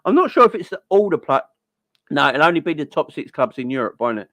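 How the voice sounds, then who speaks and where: A young man hosting a casual football fan livestream, chatty and giving shout-outs to viewers. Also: fairly high pitch, sing-song, brisk, no echo.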